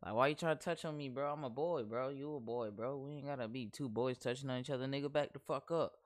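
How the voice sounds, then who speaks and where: A man's voice: mid-range voice, quick pace. A young man giving casual, slangy, profane commentary while reacting to a video. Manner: slangy, laid-back, profane.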